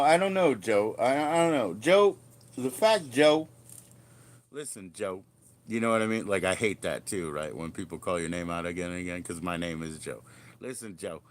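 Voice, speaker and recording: A man hosting a livestream, chatting casually in a rambling, jokey and crude way. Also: on the low side. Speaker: livestream host.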